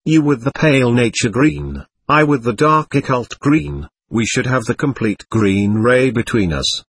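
A man's voice: mid-range voice, a little slow, vocal fry, husky, dry recording. A man reading the part of a domineering, aloof man chasing occult power, in an intense, persuasive way. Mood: urging. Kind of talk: audiobook reading.

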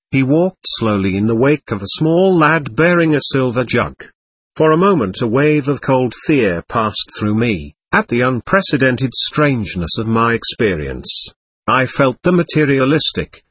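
A man reading a first-person memoir aloud as scripted narration, measured and formal. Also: mid-range voice, fairly bright tone, slightly rough. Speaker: audiobook narrator.

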